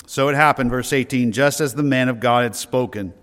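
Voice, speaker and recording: Male pastor, mid-pitched, earnest sermon delivery, long hall reverb. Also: fairly bright tone. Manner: earnest preaching, slowing down to stress key words.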